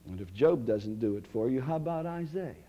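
A male pastor preaching a sermon in a church, swinging from loud, rising cries to hushed, quiet lines. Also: mid-range voice, expressive, brisk, highs cut off.

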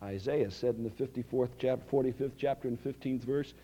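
A male pastor preaching a sermon in a church, swinging from loud, rising cries to hushed, quiet lines. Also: medium pitch, brisk, slightly rough, lo-fi sound.

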